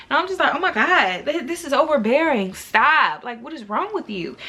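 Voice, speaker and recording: A young woman telling a storytime to her viewers in a casual, animated, exasperated way. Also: on the high side. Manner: animated, talks to viewers directly; exasperated, incredulous. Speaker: vlogger.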